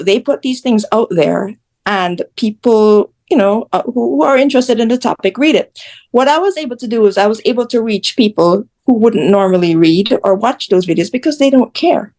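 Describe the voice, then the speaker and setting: A woman from Jamaica, a social media creator, speaking candidly as a guest in an interview and telling her story in a blunt, animated way. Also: medium pitch. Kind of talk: conversational interview.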